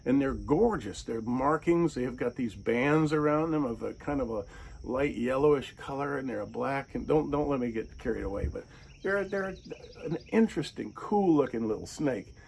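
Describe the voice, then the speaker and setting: A man with a gravelly, middle-pitched voice tells a rambling story in a casual way. He gets animated and acts out the people he quotes. Faint crickets and insects chirp in the background. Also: moderate pace, slight background noise. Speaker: channel host.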